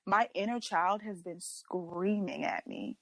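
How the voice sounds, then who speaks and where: A young woman co-hosting a podcast in casual chat, telling stories with lively quoted voices. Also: medium pitch, takes it slowly, no echo. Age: young adult. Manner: animated storyteller, acts out her own quotes. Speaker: podcast co-host.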